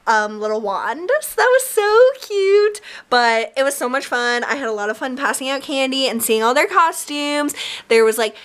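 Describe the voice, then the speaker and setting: A woman's voice: fairly high pitch, fairly bright tone. A young woman chatting casually in a vlog, full of "like" and "um". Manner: chatty, filler-heavy with frequent "like" and "um". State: morning voice. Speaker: vlogger.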